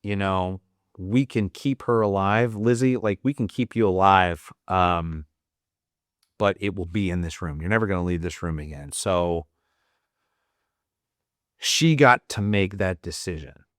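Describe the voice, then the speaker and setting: A choked-up American man tells a story on a podcast, unhurried and halting, full of restarts and blunt swearing. His voice sits low, and the sound is close and dry. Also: no echo. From United States. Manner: candid, profane, halting with fillers and restarts. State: choked up and teary. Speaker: podcast guest, Marine veteran. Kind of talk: emotional storytelling in a podcast interview.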